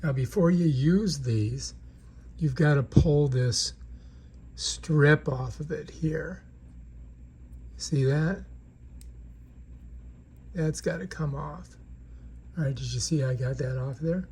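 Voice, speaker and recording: A man's voice: on the high side, takes it slowly, pauses often, a little mellow, breathy edge. A man giving a casual, chatty product demonstration in an indoor room, often checking in with the viewer. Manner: chatty, keeps checking in with "right?". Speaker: product reviewer.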